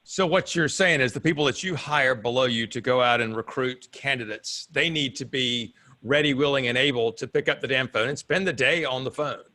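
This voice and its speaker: A man's voice: mid-range voice, a little fast, hardly any pauses, pushed and bright. A man in his fifties hosting an interview, blunt and casually swearing. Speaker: host.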